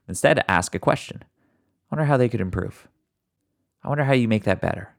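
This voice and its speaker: A man hosting a motivational podcast, talking earnestly and encouragingly straight to his listeners, a fast talker who sometimes slows down on purpose. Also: mid-range voice, animated, gravelly. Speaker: podcast host. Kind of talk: motivational solo podcast talk.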